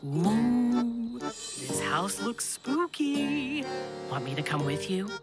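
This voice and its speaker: A woman voicing a gentle, caring mother who talks in a warm, drawn-out way, over loud cartoon music. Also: a little high, very animated, full character voice.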